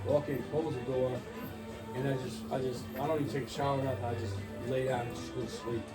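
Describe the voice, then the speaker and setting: A man in his forties telling crude stories to friends over drinks, animated and laughing through them. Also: medium pitch, fast, reverberant. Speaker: storyteller. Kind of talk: casual storytelling among friends. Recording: distant mic with music behind. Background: music playing.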